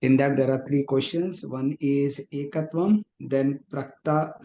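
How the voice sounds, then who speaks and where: A male student explaining a verse in an online class, halting and often restarting, heard over a video call. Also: mid-range voice, mellow. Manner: halting, many pauses and restarts. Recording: echoey room with faint noise.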